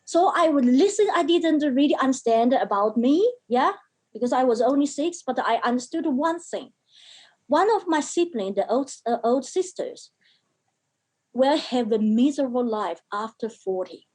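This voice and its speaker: A woman speaking as an interview guest, telling a personal story in halting phrases with many fillers and acting out the lines of the people in it. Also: high-pitched, animated, darkish tone, rough recording. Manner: emphatic, acts out quoted speech. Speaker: podcast guest, mental health educator.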